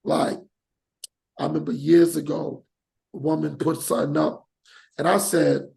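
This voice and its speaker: Gravelly high-voiced man ranting on a podcast. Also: a little slow, pauses often. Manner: animated, rants with acted-out examples. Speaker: podcast host. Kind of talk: casual podcast chat.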